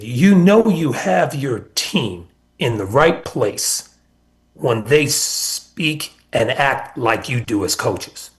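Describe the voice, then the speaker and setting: A middle-aged man, a college basketball coach, telling stories as a guest in a casual radio interview and often repeating words. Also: on the high side.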